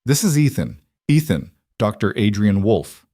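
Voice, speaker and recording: A man's voice: lowish voice, big pitch swings, unhurried, warm tone, no echo. Brief: man doing nervous young woman doctor, guarded, dry close audio.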